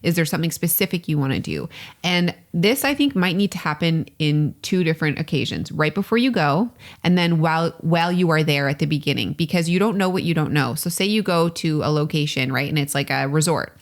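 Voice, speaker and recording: A woman in her thirties with a notably low voice, talking casually as a podcast co-host. She chats easily, laughs a lot and drops the odd swear word. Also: animated, fairly quick. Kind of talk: casual chat.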